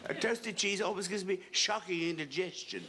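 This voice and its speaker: An actor playing a gentle, timid elderly gentleman who speaks softly and hesitantly, stammering, in a 1970s TV sitcom. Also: high voice, normal speed, very noisy, close to an everyday voice. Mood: mild. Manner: hesitant, soft-spoken, stammering.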